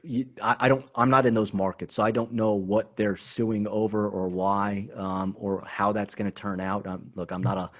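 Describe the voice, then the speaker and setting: A man as a podcast guest, talking in an animated, emphatic way and often repeating his words. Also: fairly low pitch, moderate pace, hardly any pauses. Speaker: guest, team spokesman. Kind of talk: casual podcast chat.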